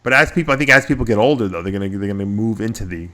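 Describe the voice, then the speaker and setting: A man's voice: on the low side, rapid-fire. A middle-aged man with a New York accent, chatting casually as a radio show host and telling stories with a laugh. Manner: animated storyteller, laughs at himself. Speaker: podcast host. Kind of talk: casual chat.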